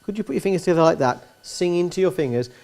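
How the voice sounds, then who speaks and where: A male voice teacher coaches a young singer in front of a room of other teachers. His pitch swings widely as he encourages, demonstrates nasal sounds, and pushes for more expression. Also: lively intonation, very fast, gravelly, a little mellow. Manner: coaxing, demonstrative, sings nasal vocal examples. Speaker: singing teacher. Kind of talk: masterclass coaching. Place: teaching hall at a singing school.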